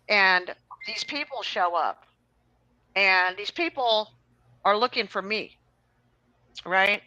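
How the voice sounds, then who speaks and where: A woman hosting a casual chat, telling a long rambling story in an animated way. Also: medium pitch, no room sound, low-quality recording. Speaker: host.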